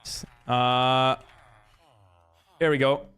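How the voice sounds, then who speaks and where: A man's voice: mid-range voice, level tone, very slow, a bit bright, clean tone. A young man streaming a game live, chatting away and reading out and reacting to viewers' messages. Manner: chatty, reads chat aloud and reacts. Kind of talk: live-stream chat while gaming.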